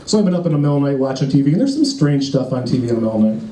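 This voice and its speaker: A man doing a stand-up set on a hotel lounge stage, telling his story in a laid-back, deadpan way. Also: medium pitch, rapid-fire. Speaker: stand-up comedian. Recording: echoey lounge, noisy live audience.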